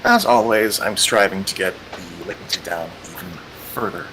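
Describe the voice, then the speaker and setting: A man's voice: deep voice, moderate pace, noisy background. A man running a tabletop game session as game master, in a chatty, meandering way that circles back on itself. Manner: chatty, meandering, repeats "cool". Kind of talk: casual tabletop game hosting.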